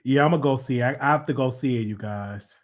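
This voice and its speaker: A man hosting a casual livestream chat, teasing his viewers in an animated, repetitive, slangy way. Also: mid-range voice, fast talker. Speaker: host.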